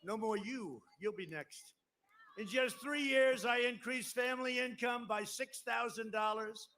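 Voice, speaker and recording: Very high-pitched, bright and forceful, and a little slow, a man in his seventies rambles emphatically through a campaign speech at a podium mic at an outdoor airport rally. He makes asides to the crowd, and the live outdoor broadcast has faint crowd noise.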